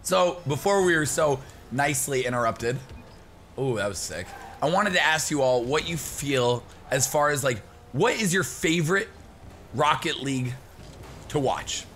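Young guy yelling over a game, bright voice jumping all over, faint hiss behind. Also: medium pitch, measured pace. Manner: excitable, shouts and laughs during play. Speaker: gaming YouTuber. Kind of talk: live gameplay commentary.

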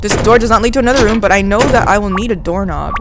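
A woman's voice: medium pitch, fast, very noisy. A young woman hosting a let's play, chatting casually to herself as she plays and getting easily startled. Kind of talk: casual gameplay commentary.

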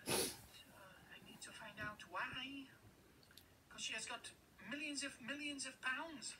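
A man voicing a sly male camel spy in a puppet comedy sketch, in a hushed Spanish-accented whisper. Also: very high voice, slow, recorded from a distance, background noise, pitched above the performer's own voice. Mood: secretive. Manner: secretive, coy.

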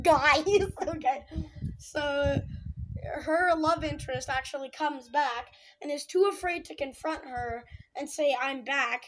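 A young woman reviewing a film in a casual, dramatic and sarcastic way, ranting in exasperation. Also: high-pitched.

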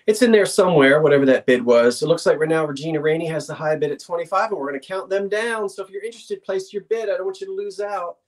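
Middle-aged male auctioneer, chatty, playful, reminiscing between lots. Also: fairly high pitch. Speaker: auction host. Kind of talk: live online sale chat.

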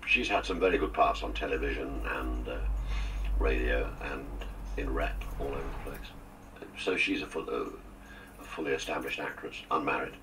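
Older guy with a super low voice, jokey showbiz stories, a bit far from the mic with faint hiss. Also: normal speed. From England. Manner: jokey, theatrical storyteller with asides. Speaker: guest. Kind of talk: radio interview, anecdotal reminiscing.

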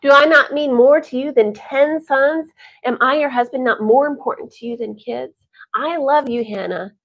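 A loving husband coaxes his upset wife in a gentle, puzzled voice, as a woman storyteller plays him in a fairly high register. The sound is muffled and lo-fi. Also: moderate pace. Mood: tender.

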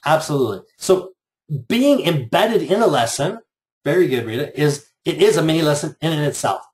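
A man's voice: on the high side, animated, fairly quick. A middle-aged man leading a live online workshop for teachers, chatty and joking, with sarcastic asides. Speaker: teacher trainer.

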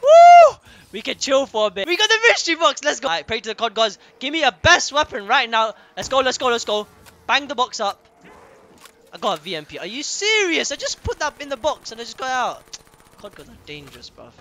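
A young man giving loud, excitable gameplay commentary as a streamer, repeating phrases in bursts. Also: extremely high pitch, fairly quick. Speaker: gaming streamer.

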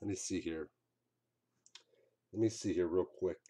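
A man's voice: low-pitched, unhurried, dark tone, slightly rough. A man streaming a game, commenting live with frustrated outbursts and swearing.

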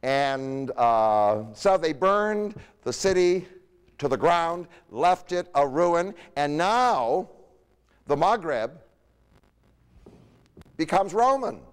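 A man's voice: fairly high pitch, animated, drawn-out words, pauses often, smooth, big-room sound. A man giving a history lecture in a conversational way, often tossing rhetorical questions to his audience.

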